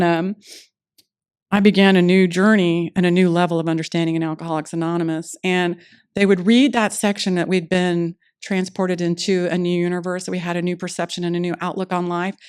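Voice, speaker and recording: A woman speaking at a recovery meeting, telling her personal story in a lively way and acting out the dialogue she recalls. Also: on the low side, clean tone. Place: meeting room.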